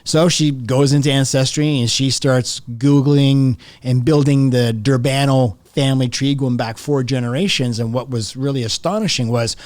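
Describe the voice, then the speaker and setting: A man's voice: medium pitch, a little mellow, no room sound. 50s guy spilling a wild family story on a podcast, chatty, dead dry mic. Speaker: podcast guest. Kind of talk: casual storytelling interview.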